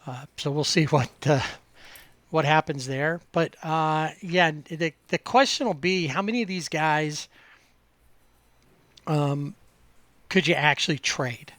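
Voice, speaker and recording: A man's voice: fairly high pitch, slow, pauses often, a bit bright, dry recording. A man co-hosting a podcast, chatting casually and rambling with many fillers and restarts. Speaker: podcast co-host. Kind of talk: casual sports chat.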